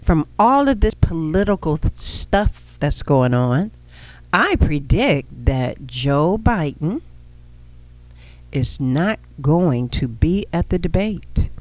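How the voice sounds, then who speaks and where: A female podcast co-host who talks slowly and emphatically. Her pitch moves a lot while she joins in the casual chat. The sound is close and dry. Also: very animated, a little mellow, no echo.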